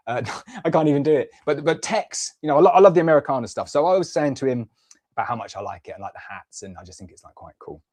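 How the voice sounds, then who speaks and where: A man's voice: on the high side, quick pace, darkish tone. A man from the UK in his thirties, hosting a beekeeping livestream in a rambling, heartfelt way full of fillers and restarts. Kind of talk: casual livestream chat.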